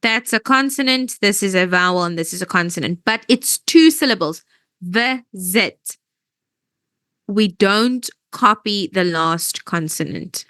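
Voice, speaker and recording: A woman's voice: mid-range voice, expressive, normal speed, hardly any pauses, a bit bright, smooth, dry recording. A woman teaching English grammar in an online lesson, explaining patiently step by step and often checking that students follow.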